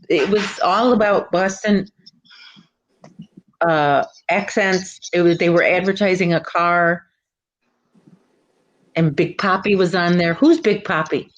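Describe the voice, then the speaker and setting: A woman hosting a casual crafting livestream, chatty and quick to laugh. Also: medium pitch, muffled recording. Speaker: livestream host. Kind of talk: casual chat.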